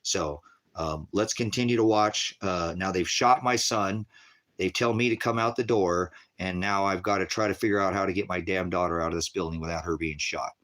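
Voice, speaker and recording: A middle-aged veteran talks viewers through his own footage in a low, heavy voice. His speech is profane and rambling, and it comes in intense bursts of commentary. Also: normal speed, a bit bright. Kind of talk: emotional video commentary.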